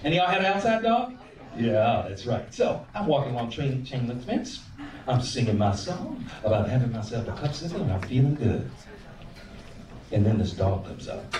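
Picked up from afar in a roomy club, a lively comedian from the American South does stand-up storytelling, acting out voices and breaking into song. His pitch is medium and his speed normal, and the background is noisy.

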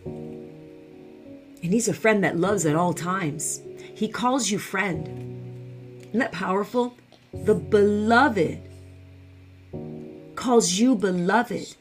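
A woman's voice: mid-range voice, drawn-out words, long pauses, soft background music. A woman teaching the Bible online, fervent and repeating phrases for emphasis.

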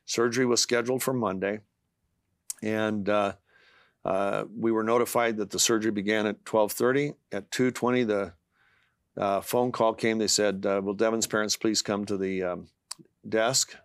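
A middle-aged man, a guest author, earnestly tells a personal faith story in an interview, often halting with fillers and restarts. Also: lowish voice, steady tone, no echo, clean studio sound. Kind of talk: testimony in a talk-show interview.

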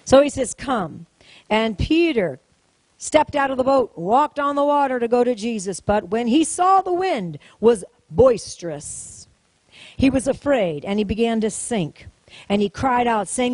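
Woman preacher, sermon, high voice, very animated pitch, emphatic call-and-response. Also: unhurried, husky, no room sound, rough recording. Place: church service, in front of a congregation.

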